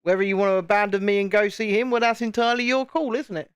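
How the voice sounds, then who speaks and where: Southern english streamer rambling while building, words repeat a lot, dry sound, mid pitch. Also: little pitch movement, fast, smooth, no room sound. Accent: Southern English, home counties. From England, home counties. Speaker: livestream host. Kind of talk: casual live-stream chat.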